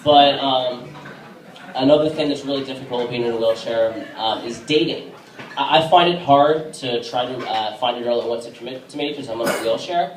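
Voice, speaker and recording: A man performing a casual stand-up set on a bar stage, with a halting delivery full of fillers. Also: medium pitch, slight background noise. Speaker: stand-up comedian. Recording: echoey room from a distance.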